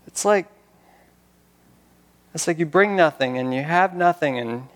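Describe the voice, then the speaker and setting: Amerikanischer Pastor, leicht hohe Stimme. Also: male voice, fairly high pitch, brisk, a bit bright, in a large hall. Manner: conversational, rhetorical questions, scripture reading. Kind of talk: sermon.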